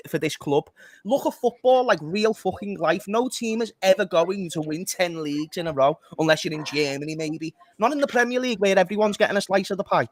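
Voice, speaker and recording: A man's voice: high voice, brisk, no room sound. A man co-hosting a football fan chat, talking passionately, ranting and swearing freely. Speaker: fan channel co-host.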